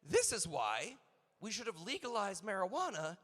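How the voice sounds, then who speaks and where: A man's voice: high voice, huge pitch swings, normal speed, a bit bright. A man emceeing a convention event, riffing through a stand-up comedy bit full of rambling rhetorical questions. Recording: long reverb of a large hall over PA.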